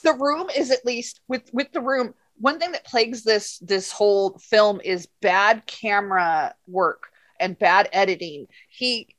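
A woman's voice: medium pitch, measured pace, hardly any pauses, a bit bright. A woman hosting a podcast, ranting about a bad film in casual, profane, rambling chat. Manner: profane, rambling, exasperated storytelling. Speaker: podcast host reviewing a film.

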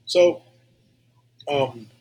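A man's voice: drawn-out words, a little mellow, poor audio. A middle-aged man, a guest telling stories in casual podcast chat, loose and profane, rambling with many fillers. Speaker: guest HVAC technician.

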